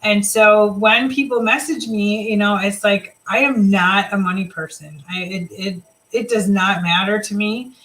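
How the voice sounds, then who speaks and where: A woman's voice: mid-range voice, a little slow, a bit bright, low-quality recording. A woman leading a live team video chat, talking casually and motivationally, rambling with fillers and restarts. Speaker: team leader.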